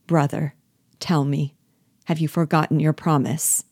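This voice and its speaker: A woman reading aloud, giving soft, sorrowful lines to a gentle male rebel leader. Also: low-pitched, little pitch movement, measured pace, dry recording, studio quality.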